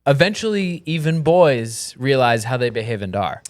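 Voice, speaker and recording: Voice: mid-range voice, sing-song, moderate pace, a little mellow. A podcast co-host chatting with their sibling, emphatic and playful, repeating phrases to land a point. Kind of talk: casual chat between siblings.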